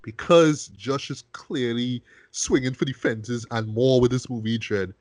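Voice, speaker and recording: Recorded dry, a film review podcast host with a mid-range voice talks in an unhurried, casual way. His delivery is animated and full of profanity, with frequent "right?" tags and restarted words.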